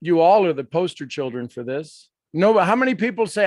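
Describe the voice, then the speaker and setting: Leading a workshop session live, this coach speaks a little fast in a fairly high voice, lively in his teaching as he laughs and mimics quoted voices. The sound is close-miked and dry.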